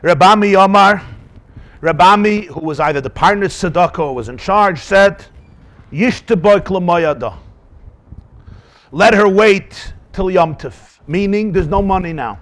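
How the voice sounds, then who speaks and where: A man teaching a Talmud class as a rabbi. He talks in an animated way, asks rhetorical questions and mixes in Yiddish and Hebrew terms. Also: sits high, measured pace.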